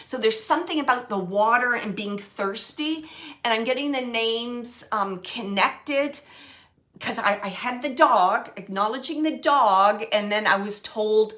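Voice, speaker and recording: A woman working as a medium, giving a live reading to an audience member, animated and searching as she relays messages in quoted speech. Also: a little high, measured pace. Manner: searching, self-correcting phrasing.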